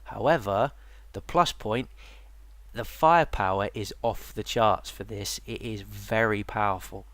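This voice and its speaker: A man's voice: fairly low pitch, measured pace, no echo. Tired, rambling man with a dry close sound. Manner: relaxed, rambling with many ums and restarts. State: yawning, tired. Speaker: game guide presenter. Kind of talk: casual game tutorial narration.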